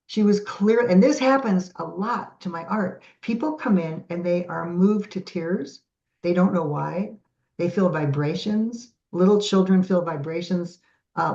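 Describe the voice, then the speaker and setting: A middle-aged woman guest on a podcast, telling stories in a lively way and acting out the voices of the people in them. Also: fairly low pitch. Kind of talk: animated storytelling in a podcast interview. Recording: dull lo-fi audio.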